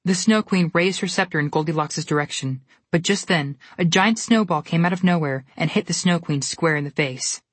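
A woman narrates a storybook with a steady, expressive delivery in a low, husky voice. The recording is dry and close. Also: normal speed, few pauses, no room sound.

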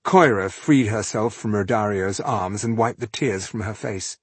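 A man narrating an audiobook in a measured, expressive storytelling style. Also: fairly low pitch, husky, no echo. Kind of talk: scripted narration.

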